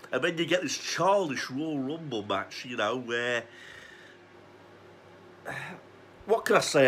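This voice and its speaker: A man's voice: mid-range voice, fairly bright tone, a little hiss or hum. A man, ranting sarcastically and swearing as he reviews a wrestling show. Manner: foul-mouthed, sarcastic ranting.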